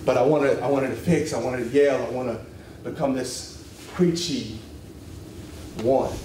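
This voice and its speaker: A man teaching a church class in a casual, animated way, often acting out quoted voices and laughing. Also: mid-range voice, moderate pace. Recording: echoey room, distant mic, faint hiss.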